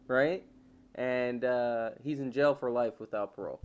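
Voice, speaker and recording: Animated storytelling man on a podcast. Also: mid-range voice, normal speed, muffled recording. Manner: animated storytelling, acts out voices. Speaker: podcast co-host. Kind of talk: casual podcast chat.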